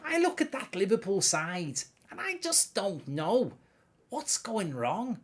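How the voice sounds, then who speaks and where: A man's voice: huge pitch swings, slow, heavily acted. A man doing a mocking impression of a stunned, ranting male football pundit. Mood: exasperated. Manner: exaggerated, shrill, exasperated.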